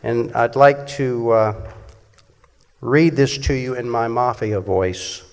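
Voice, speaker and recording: A man preaching a sermon emphatically, swinging between loud passages and hushed ones. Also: medium pitch, slow pace, clear, resonant tone. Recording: echoey hall.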